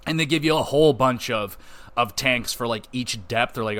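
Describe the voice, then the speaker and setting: A man's voice: medium pitch, normal speed, fairly bright tone. Casual swearing man reviewing a game. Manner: loose and rambling, swears casually, many fillers. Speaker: podcast host reviewing a game.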